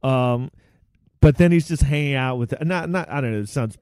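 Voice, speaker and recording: A man hosting a podcast, telling stories in casual chat with rambling, animated delivery. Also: medium pitch, normal speed, smooth, no echo, studio quality. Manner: rambling, animated storytelling with quoted voices.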